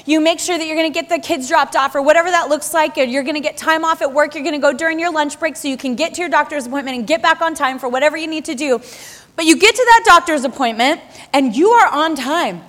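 High-voiced woman preaching in a reverberant hall. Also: fast. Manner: lively, conversational, with rhetorical questions and repetition. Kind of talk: sermon. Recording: long reverb of a large hall.

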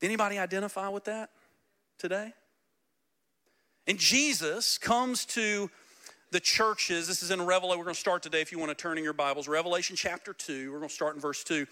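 Bright, high-voiced preaching man. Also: a little fast. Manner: animated, joking, talks directly to the congregation. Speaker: pastor. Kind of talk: sermon. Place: church sanctuary.

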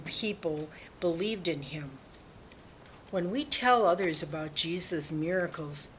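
Slow gentle woman reading a Bible story. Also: deep voice, a little hiss or hum, rough recording. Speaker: Bible lesson reader.

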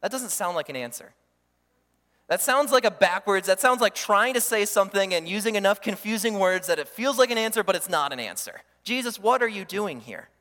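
A man preaching a sermon as pastor, animated, acting out the voices he quotes. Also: high-pitched, brisk. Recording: long hall reverb.

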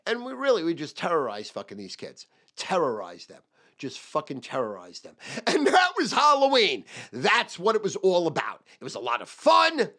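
A middle-aged man, telling a profane story in an animated, emphatic way with lots of repetition. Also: a little high, normal speed. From Long Island, New York.

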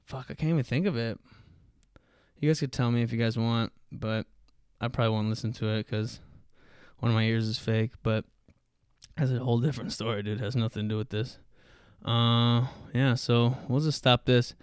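A man's voice: mid-range voice, fairly even intonation, moderate pace, long pauses, clear, resonant tone, dry recording, clean studio sound. A man hosting a solo podcast, ranting in a profane, rambling way and saying dude and bro constantly. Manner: loud shouting rants. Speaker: podcast host. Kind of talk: solo comedic rant.

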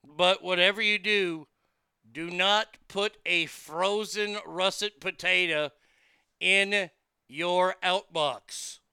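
High, gravelly male show host. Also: fairly even intonation, takes it slowly, bright, forceful tone, no echo, clean studio sound. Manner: crude, mocking, rambling with restarts. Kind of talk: crude comedic monologue.

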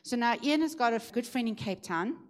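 Lively woman preaching. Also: a little fast. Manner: lively storytelling, rising and emphatic at high points. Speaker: preacher sharing a testimony. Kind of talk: sermon testimony.

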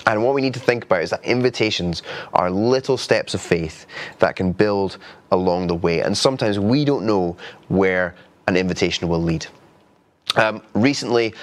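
A man preaching a sermon in an earnest, conversational way, with frequent restarts. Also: sits low. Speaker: pastor.

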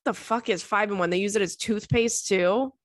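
Medium in pitch and moderate in pace, a woman in her thirties hosts a podcast where she gives blunt, profane advice, getting riled up and loud as she chats casually. The recording is dry and close.

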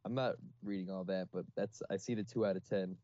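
Low-voiced man teasing on a dull line. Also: fast, no echo. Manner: teasing, deadpan counterpoints. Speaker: podcast co-host. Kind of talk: casual chat.

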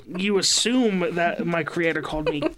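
A man's voice: on the high side, moderate pace, a bit bright, dry recording. A man appearing as a podcast guest, chatting casually with a dry, wry humor. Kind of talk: casual chat.

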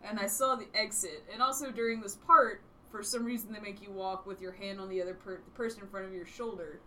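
A woman telling a funny story in casual chat, quick and laughing, often trailing off into laughter. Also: mid-range voice, steady tone, sharp tone, far from the mic.

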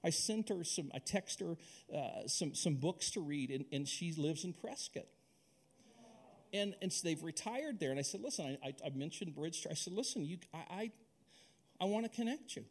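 A middle-aged male pastor from Alaska preaching a sermon, telling a personal story in an animated, conversational way with many restarts. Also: on the high side, normal speed, husky.

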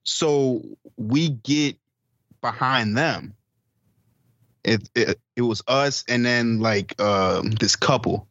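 A man's voice: mid-range voice, slow pace, fairly bright tone, dry recording, lo-fi sound. A man co-hosting a podcast, telling a story in a casual chat with friends, acting out the people in it, swearing and laughing often. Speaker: podcast co-host.

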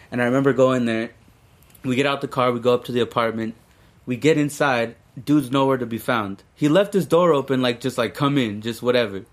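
A young man co-hosting a podcast, telling a rambling story in casual, profane talk. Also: medium pitch. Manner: profane, rambling, laid-back. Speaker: podcast co-host.

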